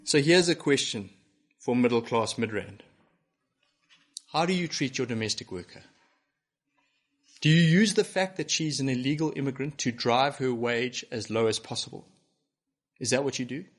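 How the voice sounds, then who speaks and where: A man's voice: mid-range voice, normal speed, long pauses. A man preaching a sermon to a broadcast congregation, earnest and emphatic, pressing his listeners with rhetorical questions. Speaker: pastor. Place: church broadcast to home viewers.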